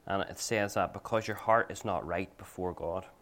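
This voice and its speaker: A man's voice: deep voice, fairly even intonation, moderate pace, a bit bright. Conversational, earnest male pastor. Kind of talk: sermon with personal anecdotes.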